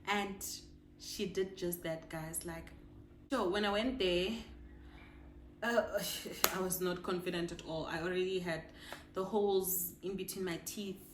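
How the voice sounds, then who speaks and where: A woman's voice: lowish voice, steady tone, a little slow, roomy sound, background noise. A woman chatting in a casual personal vlog, emotional and full of fillers and restarts. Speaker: vlogger.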